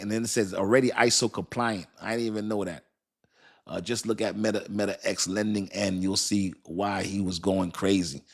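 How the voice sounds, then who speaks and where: A man hosting a casual crypto live stream, talking loosely and repeating himself as he reads aloud and answers his chat, often laughing. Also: lowish voice. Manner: laughs often and thinks aloud while reading. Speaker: crypto livestream host.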